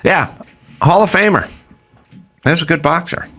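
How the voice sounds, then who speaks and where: A man's voice: on the high side, a bit bright. A man hosting a podcast, talking in a wry, rambling, opinionated way and drifting into long stories. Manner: rambling, wry, drawn-out storytelling. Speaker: podcast host. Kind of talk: casual opinionated chat.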